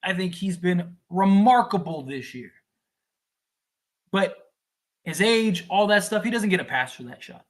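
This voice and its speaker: Fuming high-voiced man ranting. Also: expressive, a little slow, long pauses. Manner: fuming, exasperated, shouting at times. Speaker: sports podcast host. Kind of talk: livestream rant and game recap.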